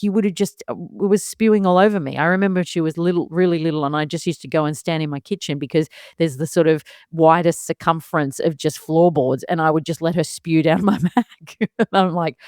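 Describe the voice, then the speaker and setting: Low-voiced woman telling a lively story. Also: dry recording, clean studio sound. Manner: animated, laughing often, acts out her own inner thoughts. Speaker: podcast host and mother. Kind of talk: casual storytelling monologue.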